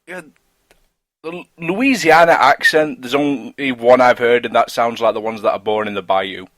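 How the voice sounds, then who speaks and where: A man's voice: medium pitch, normal speed, dry recording. A man, co-hosting a podcast and teasing his friends. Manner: lively, teasing. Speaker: podcast co-host. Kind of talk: casual chat.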